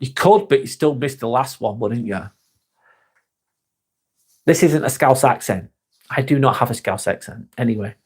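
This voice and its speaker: A man's voice: medium pitch, lively intonation, moderate pace, long pauses, breathy edge. A man with a Lancashire accent hosting a casual live vlog, talking bluntly, swearing freely and calling people mate. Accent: Lancashire English. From North West England. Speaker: live vlog host reading chat. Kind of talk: casual live-stream chat.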